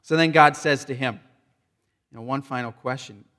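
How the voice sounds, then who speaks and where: A man preaching a sermon, retelling a scripture story with animated emphasis and acted-out voices. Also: mid-range voice, normal speed, in a large hall. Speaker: pastor.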